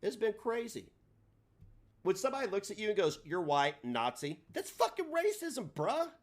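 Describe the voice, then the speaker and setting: A man hosting a livestream, ranting in a combative, profane way, his delivery swinging between loud and soft. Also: very high voice, very animated, moderate pace. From United States. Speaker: livestream host.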